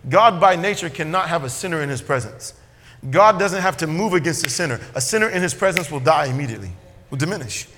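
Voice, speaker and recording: A man preaching a sermon as a pastor, swinging between loud emphatic lines and quiet asides. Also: a little high, expressive, fast talker, long reverb tail.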